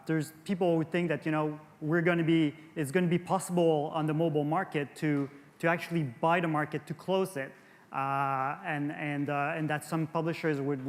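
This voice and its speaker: A fairly high-voiced man with a French Canadian accent presents at an industry conference. He stumbles, restarts and repeats words as he goes. His voice rings with the long reverb of a large hall. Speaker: conference speaker.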